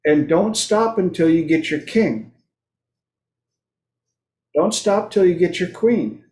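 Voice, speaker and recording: A man hosts his own talk show in an unhurried, playful monologue and slips into other voices when he quotes people. His voice sits a little higher than most men's. The recording picks up a roomy echo around him. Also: animated, a little mellow. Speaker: host.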